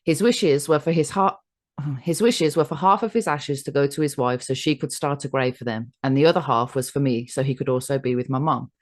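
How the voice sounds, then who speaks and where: An English woman co-hosts a casual podcast. She reads posts aloud at a steady clip and drops in dry, short remarks. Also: very deep voice, a little fast. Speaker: podcast co-host.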